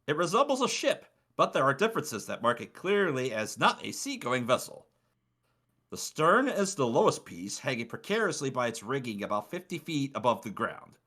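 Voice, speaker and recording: A man's voice: mid-range voice, normal speed. A man running a tabletop game as game master, narrating scenes and calling for rolls. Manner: relaxed, with fillers and restarts, reads boxed text.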